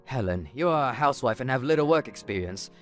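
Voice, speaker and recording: A man's voice: mid-range voice, lively intonation, quick pace, a bit bright, soft background music, natural voice. A man voicing an evasive, sheepish cheating husband who stammers and hesitates.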